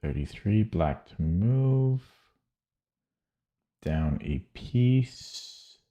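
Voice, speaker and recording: A man streaming chess puzzles, thinking aloud in halting, muttered phrases and correcting himself as he goes. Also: fairly low pitch, lively intonation, mellow, slight background noise.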